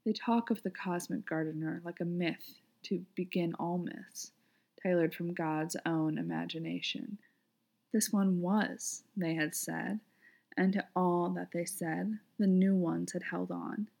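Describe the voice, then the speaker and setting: A woman gently reading fan fiction aloud in a lyrical storytelling manner. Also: fairly low pitch, steady tone, unhurried, creaky. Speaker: reader.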